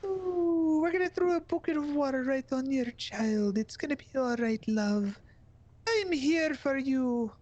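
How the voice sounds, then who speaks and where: A man doing an impression of an elderly doting nanny in a high, cooing falsetto. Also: a little slow, darkish tone, muffled recording. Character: elderly Scottish-style nanny woman, doting.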